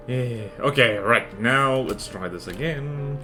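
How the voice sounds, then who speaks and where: A man's voice: medium pitch, takes it slowly, few pauses, pushed and bright, faint music behind. A man streaming a game, chatting casually in a rambling, playful, self-mocking way. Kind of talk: casual livestream chatter while building in a game.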